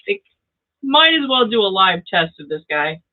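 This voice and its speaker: A woman's voice: mid-range voice, very animated, normal speed. Brief: grandmother-aged woman, livestream host, chatty, laughs a lot, tinny phone-like audio. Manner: chatty, laughs often, reads out viewer comments. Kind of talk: casual livestream chat. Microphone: new plug-in microphone.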